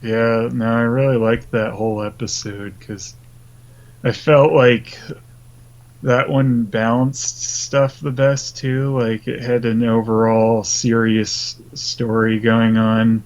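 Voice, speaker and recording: A man's voice: mid-range voice, little pitch movement, slow, poor audio. A man co-hosting a casual podcast, laid-back and agreeable, with the odd crude joke. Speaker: podcast co-host. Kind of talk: casual chat.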